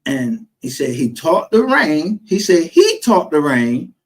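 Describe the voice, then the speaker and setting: This Texas-accented man speaks slowly in a somewhat high voice, captured on a low-quality recording. Chatting casually, he spins animated stories loaded with street slang and cursing, voicing other people's lines himself.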